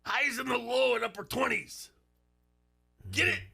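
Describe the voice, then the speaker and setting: A man putting on a loud, growling pro-wrestler voice to read a radio weather update. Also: very high voice, a little slow, voice pushed up, heavily acted. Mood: blustery. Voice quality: gravelly, raspy. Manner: shouting, growling catchphrases. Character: gravelly over-the-top wrestler-style male weatherman.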